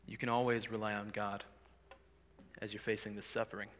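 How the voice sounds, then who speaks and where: A man delivers a sermon with earnest, pleading conviction, his voice bright and forceful. He swells to loud cries for emphasis. The sound carries a long reverb, as in a big hall. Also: fairly low pitch, little pitch movement, brisk, slight background noise. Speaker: preacher.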